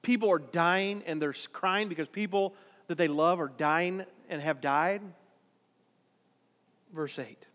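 A man preaching a sermon in a dramatic way, swinging between quiet, drawn-out lines and loud, urgent ones. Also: a little high, long reverb tail. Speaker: pastor.

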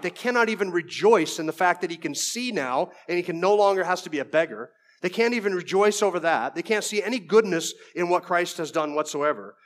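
A man with a notably high speaking voice delivers an expository sermon, walking through a text verse by verse. He keeps it conversational, with folksy asides and frequent stumbles and restarts. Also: fairly bright tone. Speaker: preacher.

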